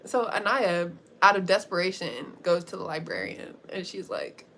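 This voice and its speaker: A woman's voice: medium pitch, expressive, measured pace, fairly bright tone, a little hiss or hum. A young woman livestreamer recapping a story in a chatty, slangy way, laughing often as she goes.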